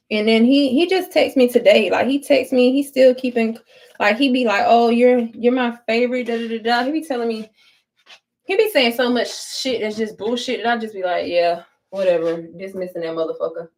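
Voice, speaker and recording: A young adult woman tells an animated, profane storytime while she gets ready. Her voice sits on the higher side, and she is blunt and unfiltered. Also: moderate pace. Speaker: vlogger. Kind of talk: casual storytime while doing hair.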